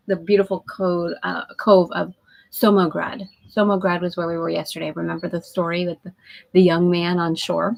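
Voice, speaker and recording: Breathy, effusive woman chatting live. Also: lowish voice, steady tone, moderate pace, a little mellow, low-quality recording. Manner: chatty and effusive, laughs often, greets viewers by name. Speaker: host of a live spiritual women's group call. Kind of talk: casual live-stream chat. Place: aboard a sailboat at anchor.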